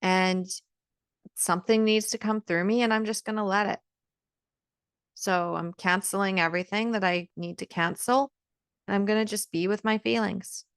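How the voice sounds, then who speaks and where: A woman's voice: medium pitch, a bit bright, clear, resonant tone, no room sound, studio quality. A woman speaking straight to camera in an earnest, emphatic motivational talk, often repeating words as she presses a point. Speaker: vlogger giving encouragement.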